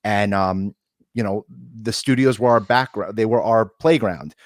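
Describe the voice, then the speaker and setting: A man from the United States co-hosting an interview, telling stories in a lively way. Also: fairly low pitch, a little slow, no echo, clean studio sound. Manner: lively storyteller. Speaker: co-host. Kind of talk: casual interview talk.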